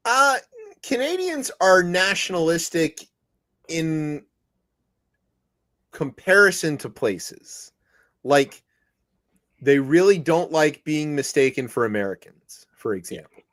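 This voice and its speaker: A man's voice: fairly high pitch, lively intonation, slow pace, long pauses, a bit bright. A man co-hosting a comedic news podcast, rambling and joking with lots of restarts and mock quotes. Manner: rambling, jokey, many restarts and put-on quotes. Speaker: podcast co-host.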